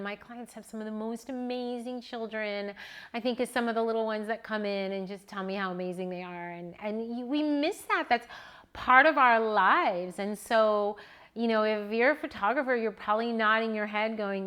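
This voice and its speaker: Woman, middle-aged, fairly high pitch, earnest, heartfelt, halting, speaking at home. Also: fairly even intonation, fairly bright tone, clear, resonant tone. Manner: earnest, with restarts and rising emotion. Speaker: newborn photographer and educator. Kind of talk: heartfelt personal monologue.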